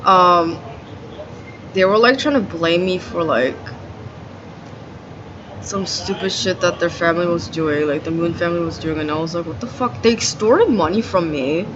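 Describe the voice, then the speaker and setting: A woman's voice: fairly low pitch, moderate pace, pauses often. Woman venting in a lo-fi diary. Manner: profane, aggrieved venting, heavy use of "like". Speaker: video diarist. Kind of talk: ranting video diary. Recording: dull lo-fi audio with noisy background.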